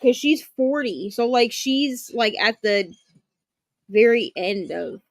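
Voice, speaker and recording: A young woman with a high voice tells work stories bluntly and frankly, with some casual swearing. She chats easily with a friend on a stream. Her voice is close and dry. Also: animated, takes it slowly, dry recording. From Florida. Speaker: co-host of a reading stream. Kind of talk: casual chat.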